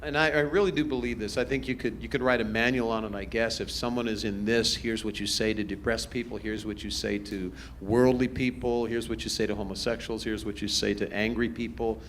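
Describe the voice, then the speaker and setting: A man's voice: on the low side, brisk, few pauses, slight background noise. Chatty pastor man telling stories. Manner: relaxed, storytelling, chuckles often. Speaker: pastor answering questions. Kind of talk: casual Q&A talk to a youth group. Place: church event hall with a live audience.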